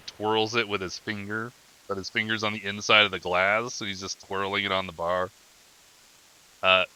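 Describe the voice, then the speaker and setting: A man's voice: fairly low pitch, pushed and bright, clean tone, no echo. A man running a tabletop game as game master, narrating scenes in rambling descriptions. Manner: rambling descriptions, many fillers.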